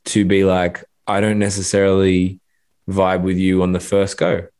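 A man's voice: low voice, completely flat delivery, moderate pace, darkish tone, clear, resonant tone. A man co-hosting a casual chat, speaking frankly and swearing freely. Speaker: podcast co-host.

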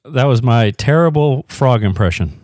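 A man's voice: medium pitch, animated, normal speed, darkish tone, dry recording. A man co-hosting a podcast, teasing dryly and playing at consoling the others. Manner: dry teasing, mock-consoling. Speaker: podcast co-host. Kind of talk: casual podcast chat.

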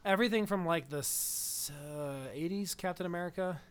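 Man, podcast co-host, casual film chat, rambling, tangents, laughs a lot, fairly high voice. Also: clear, resonant tone. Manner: rambling, digressive, quick to laugh.

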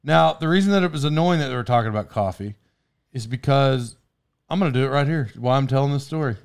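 A man's voice: medium pitch, quick pace, vocal fry, clean tone. A man hosting a podcast from a studio, telling a story in a casual, rambling way, cutting himself off and laughing often. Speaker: podcast host.

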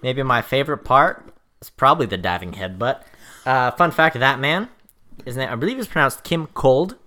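Man, casual podcast chat, lively up-and-down voice, laughs often, trivia. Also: medium pitch, normal speed. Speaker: podcast co-host.

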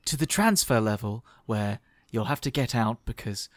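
A man narrating a comedy tabletop game as game master, halting and full of fillers and restarts. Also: medium pitch, animated, no echo.

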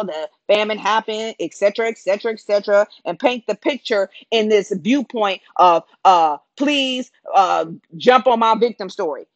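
A woman's voice: mid-range voice, unhurried, few pauses, dry recording. A woman preaching a sermon in an earnest, conversational way, asking rhetorical questions.

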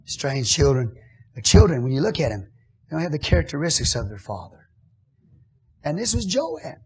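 A male pastor delivers his sermon in a high, raspy voice. He roams widely in pitch, sliding from low, confiding remarks to ringing shouts. The preaching feels loose and conversational. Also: sing-song, moderate pace. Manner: preaching with big swings from hushed asides to shouted lines.

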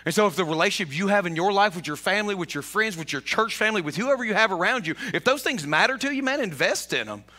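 A man preaching a sermon as a pastor, animated, often repeating himself and rising toward shouts. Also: high voice, fast, few pauses.

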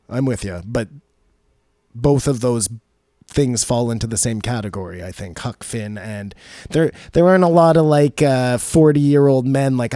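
A man co-hosting a casual podcast chat, his voice dark and mellow. He thinks aloud in a rambling, speculative way. The sound is close and dry, with no room around it. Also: medium pitch, no room sound. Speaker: podcast co-host. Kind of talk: casual discussion.

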